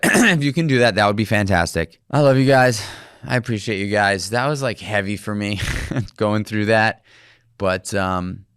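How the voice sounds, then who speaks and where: A man's voice: on the low side, clear, resonant tone, no echo, studio quality. A man in his forties hosting a solo podcast, telling a personal story in a candid, rambling way with frequent restarts. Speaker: podcast host.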